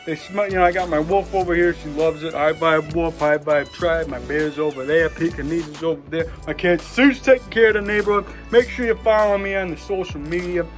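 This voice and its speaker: A man's voice: on the high side, fairly even intonation, a little fast, hardly any pauses, soft background music. Rambling, upbeat motivational man. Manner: rambling and upbeat, many 'you know' and 'man'. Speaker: wellness vlogger. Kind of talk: casual motivational monologue. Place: at home, seated in a chair.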